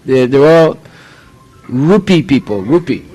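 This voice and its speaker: A man's voice: medium pitch, lively intonation, measured pace, mellow, slightly rough, low-quality recording. A man from the United States preaching a sermon, emphatic and full of rhetorical questions.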